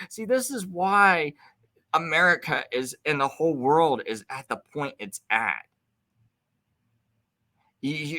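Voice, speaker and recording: A man's voice: medium pitch, bright, forceful tone. A man hosting his own video, talking in a rambling, heated monologue full of restarts. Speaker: video host. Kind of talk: casual ranting monologue.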